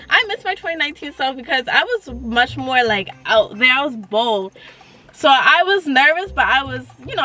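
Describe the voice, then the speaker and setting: A young woman casually telling a story to her viewers, animated and full of slang and swearing. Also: sits high. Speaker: vlogger.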